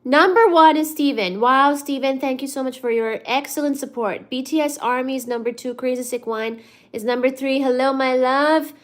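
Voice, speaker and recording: A chatty woman hosting a casual livestream, with a voice a little higher than most. She talks loosely with her viewers and reads their comments aloud, sometimes in a playful singsong. She sounds a bit stuffed up. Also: normal speed. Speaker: livestream host.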